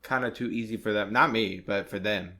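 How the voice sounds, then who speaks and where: A man's voice: on the low side, a little fast, bright, forceful tone. A man co-hosting a casual podcast, giving short, laid-back replies.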